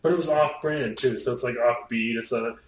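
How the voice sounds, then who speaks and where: Animated man in a roomy recording. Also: mid-range voice, fairly quick. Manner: animated, breaks into sound imitations. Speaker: podcast co-host. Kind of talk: casual chat. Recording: roomy with faint noise.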